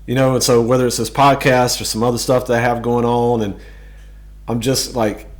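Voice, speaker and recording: A man from the United States hosting a podcast in relaxed, casual talk, often tagging "man" and "right?" onto what he says. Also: medium pitch, moderate pace. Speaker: podcast host. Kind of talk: casual chat.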